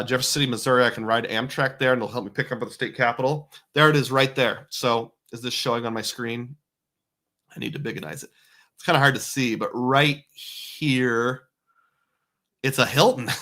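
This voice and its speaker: A man with a medium-pitched, bright, forceful voice hosts a casual livestream. He reads viewer comments aloud and thanks donors, chuckling often.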